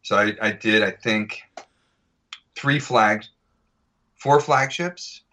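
A man's voice: lowish voice, slow, bright, forceful tone. An American man, an actor guest on a podcast, chatting casually and telling anecdotes, acting out voices and accents as he goes. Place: podcast recording.

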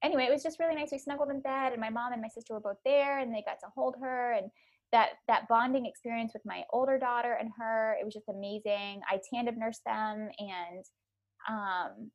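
A woman's voice: on the high side, brisk. Chatty woman telling a birth story. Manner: animated storytelling, many likes and ums. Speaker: podcast guest.

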